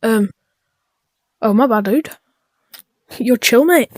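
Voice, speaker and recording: A woman giving chaotic, dark-humored let's-play commentary, muttering and often dropping into whispers. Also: on the high side, slow, dry recording, clean studio sound. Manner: drops into whispers. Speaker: gaming YouTuber.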